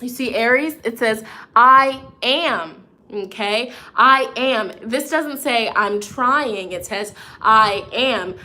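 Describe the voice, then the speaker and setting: Woman tarot reader with a bright, slightly high voice. Encouraging and chatty, with a runny nose. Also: takes it slowly. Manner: encouraging, chatty, frequent "okay?" check-ins; reads out viewer comments. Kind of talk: live tarot forecast reading.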